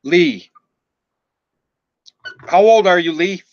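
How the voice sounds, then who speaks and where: A man's voice: high-pitched, very slow, dry recording. A man in his forties from Minnesota, with a Minnesotan accent, chatting casually on a live stream, rambling and joking, swearing now and then and thanking viewers by name. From Minnesota, USA. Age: 40s. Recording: slightly muffled, dull sound.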